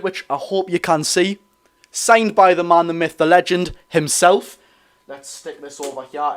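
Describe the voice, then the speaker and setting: An eighteen-year-old man with a Geordie accent, chatting excitedly and rambling through a live football watch-along from a room at his dad's house. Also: sits high. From North East England. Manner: excitable, rambling, quick to apologise. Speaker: football fan streamer.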